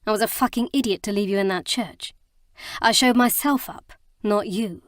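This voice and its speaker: A woman voicing a gruff, brooding male romantic hero in an audiobook, speaking low and soft. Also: normal speed, no echo, studio quality, close to an everyday voice. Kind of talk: audiobook character reading.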